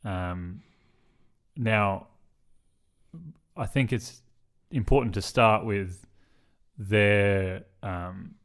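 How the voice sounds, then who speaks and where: A man's voice: fairly low pitch, fairly even intonation, drawn-out words, long pauses, a bit bright, smooth. A man co-hosting a podcast, full of teasing, playful banter. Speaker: podcast co-host. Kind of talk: casual chat.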